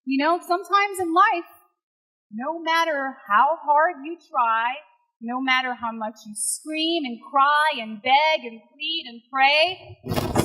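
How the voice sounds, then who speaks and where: A woman from Puerto Rico delivers an inspirational stage speech in a bright, high voice. She talks slowly and emphatically, pouring emotion into each point. Her voice rings through a large hall with a long echo. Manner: emphatic and emotional, quoting others dramatically. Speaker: motivational speaker. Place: large hall before an audience. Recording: echoey hall with long reverb.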